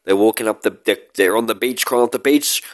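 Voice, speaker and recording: Fast-talking and fairly low in pitch, this movie vlogger is heard in a dry recording as he rambles to camera about films he loves. He keeps it jokey, with loud yelled lines and laughs along the way.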